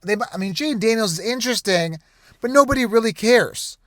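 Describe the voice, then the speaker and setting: A man hosting a sports channel, talking straight to camera in an animated, conspiratorial rant full of repeated asides. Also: high-pitched, a little fast, dry recording. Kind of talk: casual direct-to-camera rant.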